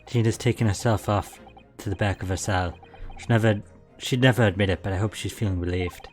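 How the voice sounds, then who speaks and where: An actor playing an earnest young male defense lawyer in a calm, thoughtful manner. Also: on the low side, brisk, faint music behind, lightly acted.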